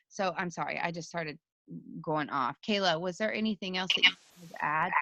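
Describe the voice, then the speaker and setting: Woman co-host, bright voice, dry close sound, rambling casual encouragement on a video call. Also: fairly low pitch, fairly quick, dry recording, lo-fi sound. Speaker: team leader co-hosting a motivational call. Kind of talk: casual motivational chat.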